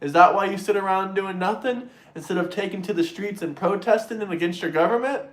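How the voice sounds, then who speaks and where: A man hosting a political livestream, ranting in a mocking, crude, sarcastic way and mimicking opponents in shrill voices. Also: brisk, echoey room. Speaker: livestream host reading super chats.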